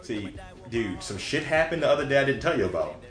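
Animated man in a roomy room. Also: mid-range voice, fairly quick. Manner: profane, jokey storyteller, slips into voices for anecdotes. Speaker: podcast co-host. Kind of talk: casual chat. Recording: roomy room with music underneath.

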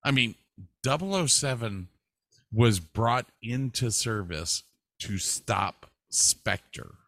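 A man co-hosting a casual chat, asking his partner questions at an unhurried pace. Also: mid-range voice, animated, fairly bright tone, dry recording, clean studio sound. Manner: leads with questions, slow and drawn out.

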